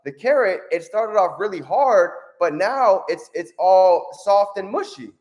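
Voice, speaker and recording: A man's voice: high-pitched, animated, unhurried, a little mellow. A man voicing an anxious eight-year-old boy within a story he tells, in close to his own voice. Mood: upset.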